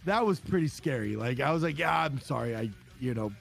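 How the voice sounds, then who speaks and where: A man's voice: lively intonation, a little fast, gravelly. A man chatting casually as a podcast co-host, swearing often and telling stories with voices for the people he quotes. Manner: profane storytelling, acts out quotes in a higher voice. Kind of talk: casual chat.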